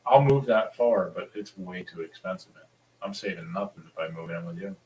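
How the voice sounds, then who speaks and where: A man's voice: low voice, brisk, a little mellow, low-quality recording. A man in a casual group chat who teases the others with dry quips.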